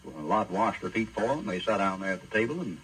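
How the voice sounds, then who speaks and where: A man's voice: deep voice, expressive, fast, fairly bright tone, a little hiss or hum, low-quality recording. A man preacher retelling a Bible story in a colloquial, folksy sermon style.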